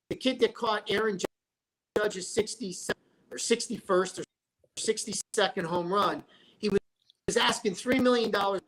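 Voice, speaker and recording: On a rough recording, a man with a high, fairly bright voice chats as a talk show guest. A sports broadcaster and former restaurateur, he rambles through stories and often restarts his sentences in this casual exchange.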